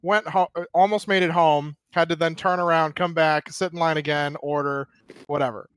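A man telling a rambling, profane story in casual chat, animated and laughing. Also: a little high, normal speed, smooth, no echo.

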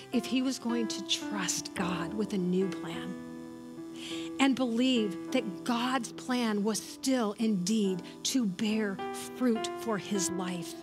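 Earnest woman preaching over soft music. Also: fairly high pitch, rough recording. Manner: storytelling, earnest and encouraging. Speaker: church speaker. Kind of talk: sermon.

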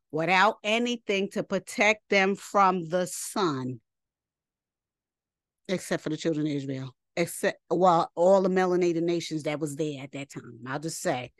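A woman's voice: fairly low pitch, no room sound, studio quality. A woman teaching a scripture lesson in a chatty, colloquial way, reading passages and breaking off into asides. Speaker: Bible teacher.

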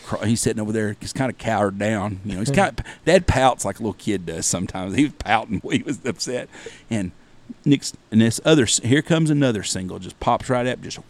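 A man hosting a podcast, telling a long hunting anecdote in a profane, animated, casual way. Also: on the low side, fairly quick. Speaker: podcast host. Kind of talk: casual storytelling.

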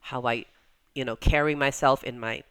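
Low, smooth-voiced woman coach. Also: fairly even intonation, normal speed, fairly bright tone. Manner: chatty, many "like" and "you know" fillers, acts out quoted voices. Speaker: podcast guest, women's coach. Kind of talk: casual conversational interview.

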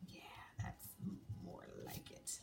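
Whispering slowly, a woman gives young children a drawing lesson, coaxing them in a sing-song way as she draws and asks questions. The mic is distant, with faint room noise.

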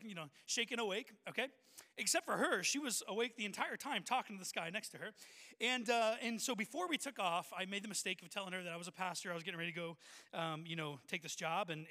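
A young man preaching a sermon as a pastor, telling a personal story with lively acted-out voices. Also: sits high. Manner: energetic storyteller, acts out voices of people in the story. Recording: long hall reverb.

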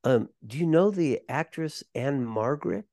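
In a conversational podcast interview, an older voice coach and performer tells warm, lively stories. His voice is fairly high and his speed normal, recorded to studio quality without echo.

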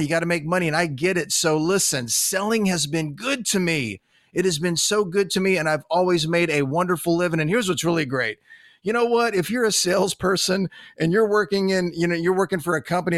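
Middle-aged male podcast host, blunt and animated delivery, slightly high pitch, dry recording. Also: no room sound. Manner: blunt, animated, swears casually. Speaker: podcast host, sales trainer. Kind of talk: casual monologue.

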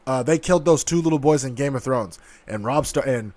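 A man's voice: mid-range voice, brisk, a little mellow, dry recording. A man giving heated, profane ranting commentary in an aggressive, sarcastic manner. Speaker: online commentator.

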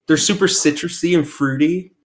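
Tired, profane podcast co-host, slightly high, laughs easily. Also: male voice, normal speed. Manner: profane, excitable, laughs a lot. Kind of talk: casual chat.

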